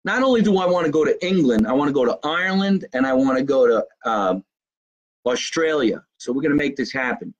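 A middle-aged comedian from Jersey City talks in a thick New Jersey accent, loose and profane as he riffs on fan messages during a live stream. His voice is a little husky and sits at an ordinary pitch. He slows right down whenever he spells out contact details. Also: animated, dull audio. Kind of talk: casual live-stream chat reading fan comments.

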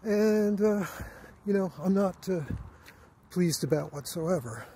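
A man vlogging a personal account in a halting way, with many fillers and restarts and a weary, aggrieved tone. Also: high-pitched, expressive, dark tone, a little hiss or hum. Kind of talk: casual personal account to camera.

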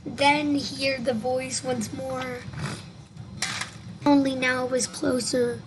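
Slow, halting reader of a scary story; a woman with a high voice, noisy home recording. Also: level tone. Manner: halting reading with restarts and stumbles. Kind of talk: reading a scary story aloud.

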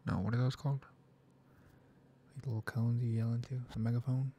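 A gamer mutters through a crafting game, thinking aloud in a gravelly, very dark voice that keeps sinking to a half-whisper. Soft keyboard clicks and typing sit behind the talk. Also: mid-range voice, level tone, fairly quick, a little hiss or hum. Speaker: gaming video creator. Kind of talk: soft-spoken gaming commentary.

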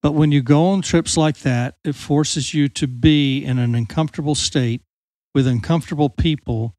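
A man's voice: on the high side, normal speed, darkish tone, no echo. A man hosting a ministry podcast, a former youth pastor, asking questions and adding reflective, preacherly comments. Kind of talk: casual interview talk.

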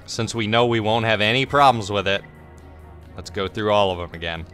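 A young man giving casual, excitable commentary over his own gameplay, swearing freely and breaking into yelps and laughter. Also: on the low side, moderate pace, faint music behind. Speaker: gameplay streamer.

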